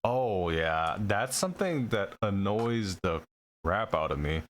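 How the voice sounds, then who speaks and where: A man's voice: lowish voice, very animated, slow, slight background noise. A man co-hosting a live stream, telling a story in an exasperated, casual way. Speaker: co-host. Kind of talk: casual chat.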